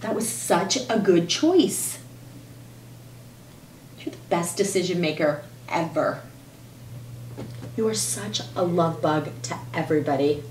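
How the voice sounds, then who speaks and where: A woman speaking as a parenting coach, giving earnest, measured advice on how to talk with children. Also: lowish voice, darkish tone. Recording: roomy echo, faint background noise.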